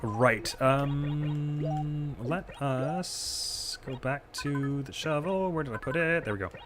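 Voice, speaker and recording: A man's voice: fairly high pitch, takes it slowly, over music. A man casually commentating his gameplay stream, chatty and self-deprecating.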